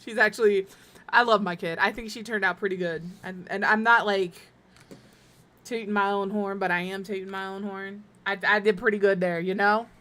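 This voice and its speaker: A middle-aged woman builds in a life-sim game on a live stream from home, joking at her own expense as she talks to her cat and her viewers. She speaks at normal speed in a steady, medium-pitched, slightly bright voice.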